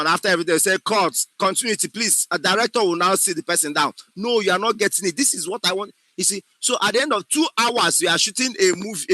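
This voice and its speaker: Bright, emphatic acting teacher. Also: male voice, fairly high pitch, no room sound, rough recording. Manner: emphatic, often checks understanding. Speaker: acting instructor. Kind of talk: classroom lecture.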